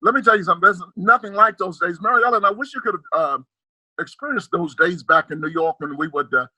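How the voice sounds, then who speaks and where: Older guy comic on a video call, high bright voice, cussing and ranting, held phone. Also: fast, no room sound. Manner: animated, profane ranting. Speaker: comedian guest. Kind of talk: casual video call chat. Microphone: handheld phone on video call.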